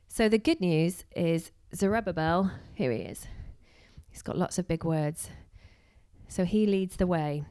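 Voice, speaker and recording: A woman delivers a relaxed, conversational sermon. Her voice sits a little low and she talks in a lively, chatty way, slipping into little acted-out quotes and asides to her listeners. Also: a little slow, clean tone. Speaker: preacher. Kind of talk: casual sermon.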